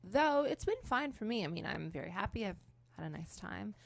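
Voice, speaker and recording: Gravelly, deadpan female comedian. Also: mid-range voice, a little fast, no echo. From Canada. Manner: dry, deadpan. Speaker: comedian guest. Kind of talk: casual interview.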